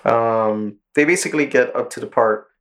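A man's voice: mid-range voice, normal speed, a bit bright. A man hosting a podcast in casual chat, loosely retelling a show's plot with plenty of swearing. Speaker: podcast host.

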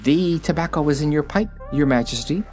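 A man's voice: a little high, fairly quick, a little mellow, faint music behind, pitched above the performer's own voice, lightly acted. A man voicing a timid, humble male gnome steward who answers his king meekly, in a storybook reading. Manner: meek and deferential.

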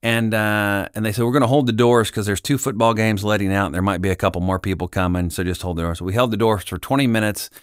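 A middle-aged man from Kansas, a podcast guest telling a story in casual chat, acting out the dialogue with lively voices. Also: lowish voice, fast talker, few pauses, clear, resonant tone, dry recording, clean studio sound. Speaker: podcast guest, Christian singer-songwriter.

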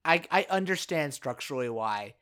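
A man's voice: fairly high pitch, moderate pace. A man in casual conversation about a film, often agreeing with his co-host and recounting favorite scenes. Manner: agreeable, frequent backchannel "yeah", relaxed storytelling. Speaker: podcast co-host.

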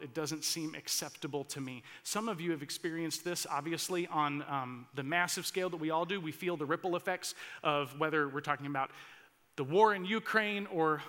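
A man delivers a sermon with earnest conviction, pressing into impassioned emphasis and often restarting his phrases. His voice sits high. It has a bright, ringing edge. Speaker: pastor.

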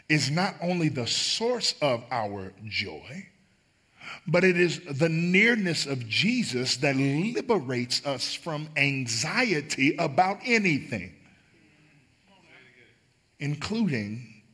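A man's voice: on the high side, a bit bright, breathy edge. A man preaching a sermon as pastor, emphatic and building on repeated phrases.

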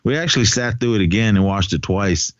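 A man with a very low voice rambles through a casual podcast chat about films, laughing often and filling pauses with "uh" and "um." The sound is dry and a bit dull, as if on a modest home mic. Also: dry recording. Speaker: podcast co-host.

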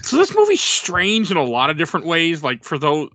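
A man's voice: on the high side, wildly swooping pitch, fairly quick, a bit bright, no room sound. A man co-hosting a movie podcast, bantering bluntly with swearing. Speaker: podcast co-host. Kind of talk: casual movie podcast chat. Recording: muffled lo-fi mic.

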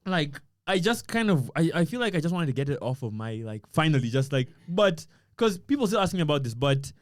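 A man's voice: on the high side, brisk, no echo. A young man co-hosting a podcast, telling stories in casual slang and acting out what he said. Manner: animated storyteller, slangy, acts out quotes. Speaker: podcast co-host.

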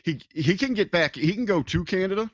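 A man's voice: high voice, expressive, fairly quick, breathy edge, no echo. A man chatting casually as a podcast co-host, rambling through a story with plenty of fillers and false starts. His voice comes through dull and lo-fi, with a dry, close sound. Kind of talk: casual chat.

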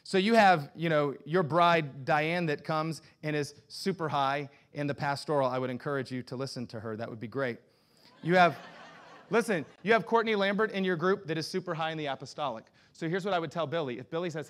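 Fast-talking pastor preaching to his congregation. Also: fairly high pitch. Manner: energetic, conversational preaching with rhetorical questions. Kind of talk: sermon. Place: church sanctuary.

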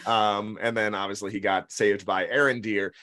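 A man co-hosting a podcast in casual chat, blunt and excitable, laughing often. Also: fairly low pitch, normal speed. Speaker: podcast co-host.

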